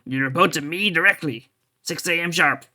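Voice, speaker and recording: A man's voice: on the high side, moderate pace, sharp tone. A man voicing a stern middle-aged male police chief, speaking with firm, weary reproach.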